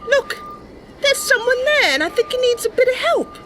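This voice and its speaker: A woman voicing a sweet, eager young elf woman who dreams of becoming a knight, talking in a bright, earnest, wide-eyed way in a game role-play. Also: very high-pitched, very animated, normal speed, background noise, voice pushed up.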